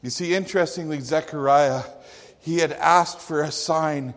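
A man's voice: fairly high pitch, normal speed. A man preaching a sermon in an earnest, emphatic manner. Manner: earnest, emphatic, with acted quotes. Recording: long hall reverb.

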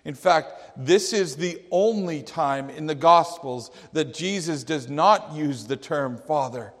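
A man preaching a sermon, slow and emphatic, with dramatic quotations. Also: fairly high pitch. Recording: long hall reverb.

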